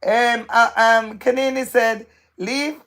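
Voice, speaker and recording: A woman's voice: medium pitch, a little slow. A woman hosting a live stream, reading viewers' comments aloud in a playful, gossipy way and repeating phrases for emphasis.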